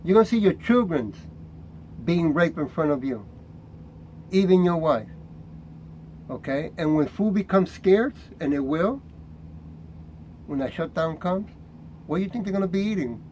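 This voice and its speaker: A fiery middle-aged man preaching in a voice pitched a little high for a man. He reads scripture slowly and deliberately, then turns confrontational, tossing "right?" at his listeners. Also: lively intonation, a little mellow, highs cut off, slight background noise.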